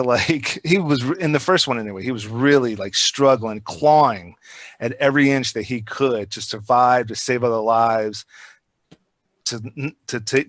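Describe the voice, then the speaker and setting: Animated, foul-mouthed man in podcast chat. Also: mid-range voice, no echo. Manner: rambling, profane, animated storytelling.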